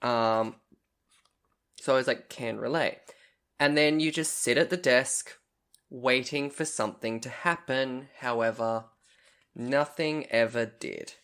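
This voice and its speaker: A man's voice: mid-range voice, measured pace, a bit bright, smooth. A man co-hosting a podcast, recounting a story in a chatty, casual way, swearing freely and acting out what people said. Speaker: podcast co-host.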